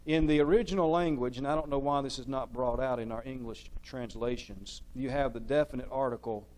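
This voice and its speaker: A man's voice: mid-range voice, fairly quick, darkish tone, poor audio. A man preaching a sermon in a church, stressing key words one by one and asking the audience questions, then answering them himself.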